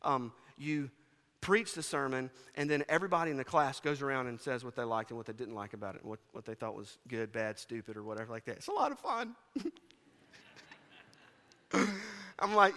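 A male pastor preaching a sermon with passion, rising to shouts and dropping to quiet asides. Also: medium pitch, expressive, fairly quick. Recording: long hall reverb.

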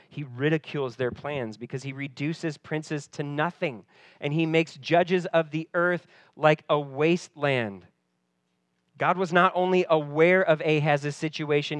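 A man preaching a sermon, expressive, dropping to a soft voice when he quotes and rising when he stresses a point. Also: fairly high pitch, dry recording. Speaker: pastor.

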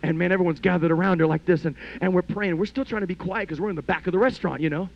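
A man preaching a sermon as a story, talking conversationally with lots of "you know", and swinging between hushed and loud passages. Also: high voice, racing, vocal fry, dry recording. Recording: dull lo-fi podcast audio.

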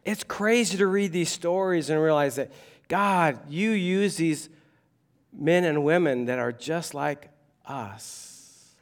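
Lively, conversational preacher man. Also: fairly high pitch, slow pace. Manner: animated, conversational preaching with humor. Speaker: pastor. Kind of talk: sermon.

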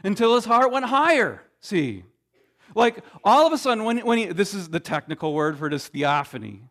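A man preaching a sermon, emphatic, with dramatic pauses and frequent restarts. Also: sits high, sing-song, fairly bright tone. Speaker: pastor.

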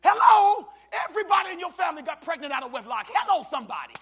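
A pastor preaching with a very high, bright, ringing voice. He swings from loud shouted exhortations down to low, hushed asides and keeps calling out to his congregation. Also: sing-song, rapid-fire, some chatter behind. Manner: preaching with call-and-response, swinging between shouts and hushed tones. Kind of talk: sermon.

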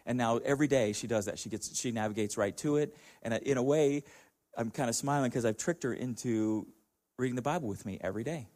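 A man's voice: medium pitch, brisk, darkish tone. Talk like a middle-aged man chatting with a congregation. Keep it anecdotal and easygoing, in a medium voice with a ready chuckle. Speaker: church speaker.

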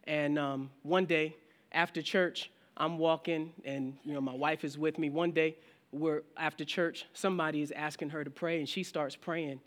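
A man with a high voice preaches to his congregation in a relaxed, conversational tone. He often stops and restarts his sentences. He also acts out the questions his listeners might ask him. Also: moderate pace. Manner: frequent restarts and filler phrases. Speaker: pastor. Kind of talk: sermon.

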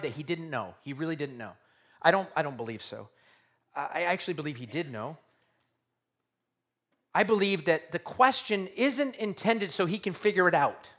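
A male pastor preaching a conversational sermon, acting out the scenes as he tells them. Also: on the high side. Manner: animated, conversational, acts out scenes.

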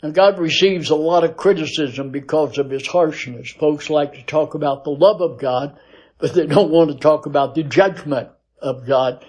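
A man teaching a Bible lesson, reading scripture aloud in a measured cadence and pausing often with "uh" as he explains. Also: fairly high pitch, darkish tone. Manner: slow, deliberate teaching with frequent "uh" pauses.

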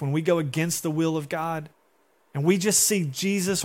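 A young adult man preaching a sermon in a casual, conversational way, acting out quotes. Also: a little high. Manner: conversational, acts out quotes in different voices. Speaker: pastor.

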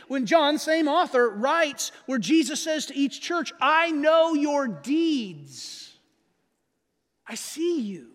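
A male pastor with a very high voice preaches a sermon in an easy, conversational manner, often pausing to ask "right?". His voice carries a long reverb from a church hall. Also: fairly bright tone.

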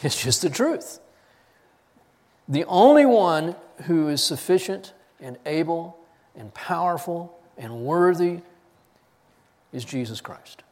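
Animated male preacher, fairly high voice. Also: slow, long pauses, in a large hall. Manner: animated preaching, rising loud for scripture readings, dropping low on key points. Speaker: pastor. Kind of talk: sermon.

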